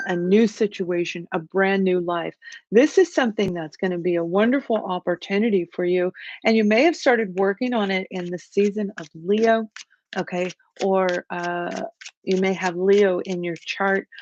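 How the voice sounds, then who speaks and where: A woman's voice: medium pitch, a little mellow, dry recording, lo-fi sound. A woman hosting a live-streamed psychic tarot reading, chatty and emphatic and repeating her key words.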